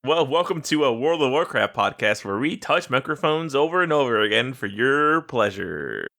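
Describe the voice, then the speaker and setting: A man's voice: medium pitch, big pitch swings, moderate pace, creaky, sharp tone. A young man hosting a casual gaming podcast, swearing and telling stories with animation. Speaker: podcast host. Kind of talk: casual chat.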